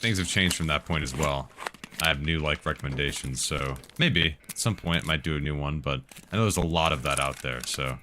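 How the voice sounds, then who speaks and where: A man's voice: extremely low pitch, brisk, sharp tone, slight background noise. A man casually streaming a game, chatting and answering viewers' tech questions while he plays. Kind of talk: casual live-stream commentary.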